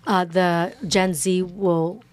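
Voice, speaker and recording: A city councilwoman talking as a podcast guest in a casual interview, animated and quick, with many fillers. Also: fairly low pitch.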